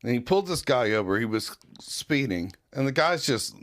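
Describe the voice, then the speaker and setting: A man's voice: mid-range voice, big pitch swings, normal speed, a bit bright. A man co-hosting a podcast, chatting casually and laughing through his stories. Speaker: podcast co-host. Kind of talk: casual chat.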